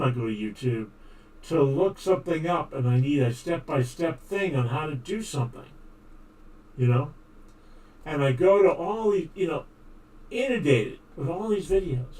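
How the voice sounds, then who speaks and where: A man's voice: a little high, measured pace, darkish tone. A man streaming a survival game, rambling casually to his viewers. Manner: rambling, talks to viewers as "guys". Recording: distant mic with faint noise.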